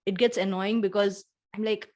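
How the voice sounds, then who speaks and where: A woman's voice: mid-range voice, fairly even intonation, normal speed, a little mellow. A woman co-hosting a casual heart-to-heart conversation, talking in an earnest, reflective way and vividly retelling her own feelings. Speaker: podcast co-host.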